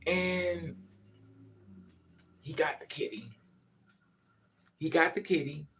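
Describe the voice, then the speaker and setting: A woman's voice: low voice, slow pace, fairly bright tone, slight background noise. A woman telling a personal story to camera in a casual, confessional way. She rambles and repeats herself, swears freely, and gets emotional as she talks. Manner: rambling, repetitive, emotional and profane.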